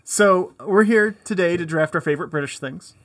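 A man's voice: high voice, normal speed, a bit bright. A man hosting a casual podcast, a bit hesitant and self-deprecating while steering the topic. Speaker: podcast host. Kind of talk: casual chat.

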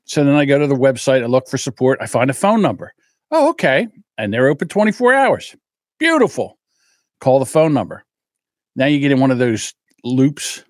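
A man's voice: medium pitch, moderate pace, pauses often, no echo, studio quality. A man hosting a podcast, telling a casual story, acting out the voices in it and swearing freely. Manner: animated, acts out voices in his anecdotes; swears freely, self-deprecating about his temper. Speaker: podcast host.

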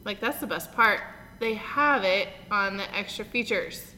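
A bubbly woman in her thirties chatting casually, her voice bright and forward. She laughs easily and tells stories with animation. The room rings with a long echo, and a faint hiss sits underneath. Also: medium pitch, unhurried. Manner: bubbly, giggly, animated retelling. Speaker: podcast co-host. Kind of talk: casual chat. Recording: roomy reverb with faint noise.

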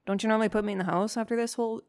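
A woman's voice: fairly high pitch, steady tone, rapid-fire, no room sound, clean studio sound, pitched above the performer's own voice, lightly acted. A woman voicing her suspicious, stubborn little male poodle, who grumbles in an exasperated, indignant way. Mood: bewildered.

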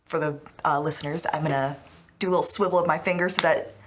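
Low-voiced woman player thinking aloud. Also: fairly even intonation, fast, noisy background. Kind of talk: playing a tabletop game.

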